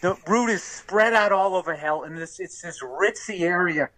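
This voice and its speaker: Fairly high-voiced man spinning a yarn. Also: moderate pace. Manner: energetic, swearing anecdote teller. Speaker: podcast host. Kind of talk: casual storytelling. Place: podcast studio.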